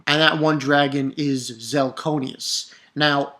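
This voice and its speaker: Man, manga reviewer, casual chat, excitable, swears freely, loud outbursts. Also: a little high, takes it slowly. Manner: excitable and profane, bursts into loud exclamations.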